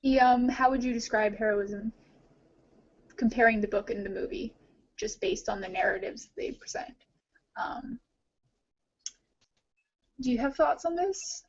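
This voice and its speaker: A woman co-hosting a podcast rambles through a casual discussion, using many fillers. Her voice is a little high and unhurried, with frequent pauses and slight background noise, on dull lo-fi audio.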